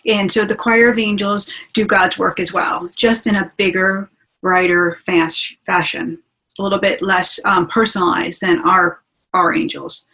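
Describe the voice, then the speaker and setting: A woman's voice: mid-range voice, level tone, unhurried, sharp tone, poor audio. A woman hosting a webinar as a spiritual teacher, talking in a chatty, enthusiastic way over a video call. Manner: chatty and enthusiastic, asks listeners along. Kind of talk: casual teaching talk.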